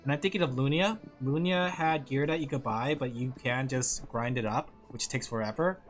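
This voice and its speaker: A woman's voice: a bass voice, moderate pace, soft background music. A woman streamer chatting casually while she draws, rambling and thinking aloud as she reads chat. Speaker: vtuber streamer.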